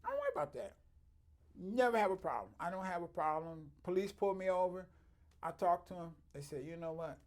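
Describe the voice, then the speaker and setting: A chiropractor telling stories in an interview, acting out other people's voices and swinging from quiet to loud. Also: male voice, sits high, very animated, fairly quick. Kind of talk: storytelling interview.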